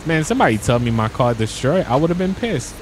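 A young man telling stories in a casual, slangy way while commenting on his gameplay, getting excited as he talks. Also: mid-range voice, fairly quick, music in the background. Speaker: gaming YouTuber.

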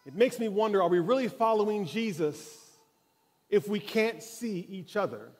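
A man's voice: high-pitched, lively intonation, normal speed, a little mellow. A man preaching a sermon in a church, telling a story with dramatic, building intensity. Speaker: pastor. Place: church sanctuary.

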